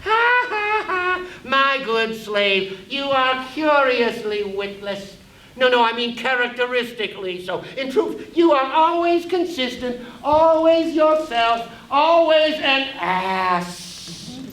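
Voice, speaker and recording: A man's voice: high voice, expressive, unhurried, fairly bright tone. A man on stage playing a taunting, gleeful male conscience spirit in a one-man play, recorded from a distance in a roomy hall. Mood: mocking. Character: mocking impish male conscience, a dwarf-sized spirit. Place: theater stage before an audience. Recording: roomy hall, distant mic, faint hiss.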